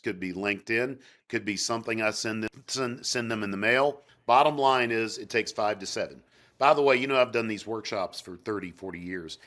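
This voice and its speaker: A man's voice: lowish voice, a bit bright. An older man who is a sales coach, answering interview questions in an emphatic, coaching way with punchy phrases.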